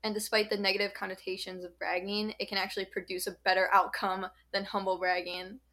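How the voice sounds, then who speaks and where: A woman's voice: medium pitch, flat delivery, fairly quick, fairly bright tone. A young woman co-hosting a podcast, explaining a study in a chatty way with lots of fillers. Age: young adult. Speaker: podcast co-host. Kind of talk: casual podcast chat.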